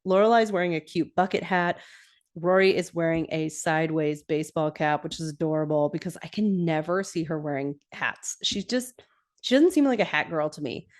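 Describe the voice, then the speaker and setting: A young woman hosts a casual podcast, recapping a TV episode in an easygoing, chatty way. She giggles often and gets animated, lifting her voice when she acts out lines. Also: deep voice, moderate pace.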